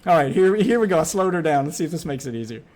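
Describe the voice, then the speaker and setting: A man in his thirties with a Southern US accent, giving casual reaction commentary on a stream. His voice sits unusually high for a man, and his talk is blunt, joking and laced with swearing. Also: animated, rapid-fire, darkish tone. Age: 30s. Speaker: stream host.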